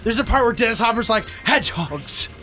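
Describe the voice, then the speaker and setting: A man's voice: sits high, normal speed, bright, forceful tone. A man co-hosting a let's play, chatting in a rambling, playful way and slipping into silly voices. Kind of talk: casual gaming chat. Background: video game music.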